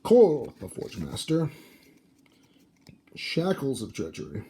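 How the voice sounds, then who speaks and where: A man's voice: medium pitch, very animated, takes it slowly, long pauses, dark tone, a little hiss or hum. A sleepy, yawning man casually reading out card names as he opens booster packs. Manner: reads card names aloud in a muttering, offhand way. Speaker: card-opening video host. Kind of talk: casual card unboxing commentary.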